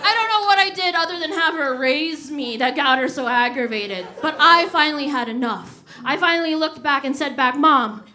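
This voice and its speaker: A young woman from the Washington D.C. and Virginia area performing a stand-up comedy set on a live stage, animated and punchy as she works the crowd. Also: sits high, moderate pace, hardly any pauses. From Washington D.C. / Virginia area, USA. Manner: animated, crowd-working, punchy delivery with laughs in the voice.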